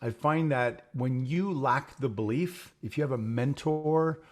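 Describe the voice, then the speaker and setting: A man with a mid-range, darkish voice speaks unhurriedly as founder and host of a program. He leads a casual conversation, telling personal stories and acting out the exchanges he quotes.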